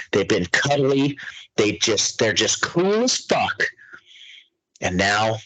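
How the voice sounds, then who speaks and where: Man, husky voice, lively pitch, dry close sound, casual podcast chat. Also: rough recording. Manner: profane, animated storytelling. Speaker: podcast co-host.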